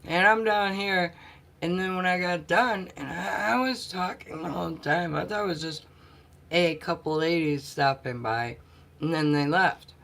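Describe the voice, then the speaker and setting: A woman chats with her viewers in an unhurried, easygoing way. Her voice is gravelly and bright, and she tells stories at a slow pace. She often clears her throat between thoughts. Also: fairly low pitch, a little hiss or hum. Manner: chatty, storytelling, often clears throat and laughs. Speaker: vlogger chatting with viewers. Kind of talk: casual live chat.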